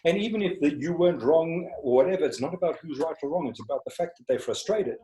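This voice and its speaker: A man's voice: a little high, animated, quick pace, dark tone. A man teaching communication skills in an online class, often checking in with his listeners through rhetorical questions. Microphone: video call. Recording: echoey room over a video call.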